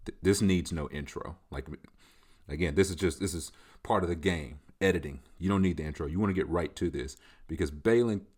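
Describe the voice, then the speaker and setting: A man's voice: sits low, a little fast, a little mellow, slightly rough. A man hosting a solo comedic podcast, talking in a loose, boastful, joking way as he answers listener questions. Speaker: podcast host.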